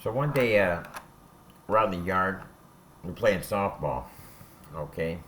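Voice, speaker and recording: A lowish male voice swings up and down a lot as he tells hard stories about life behind bars. He talks bluntly and curses freely, and he keeps tagging his points with "all right?" The delivery is casual and conversational. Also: expressive, unhurried, a bit bright, a little hiss or hum. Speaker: former prisoner telling stories. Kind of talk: casual spoken storytelling.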